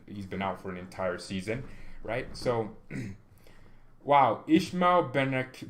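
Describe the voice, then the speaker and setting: A man hosting a fan channel, ranting in a chatty, animated way and often tagging sentences with questions. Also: fairly low pitch. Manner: animated ranting with bursts of loud exclamation; chatty, frequent "right?" tag questions. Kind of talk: casual opinion vlog.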